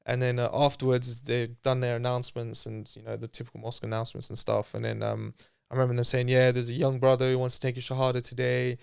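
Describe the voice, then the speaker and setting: A man with a clean, resonant voice tells his story at a quick clip. He talks casually and loosely with plenty of slang, and slips into lively impressions of the people he quotes. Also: medium pitch, creaky, clean tone. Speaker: interview guest.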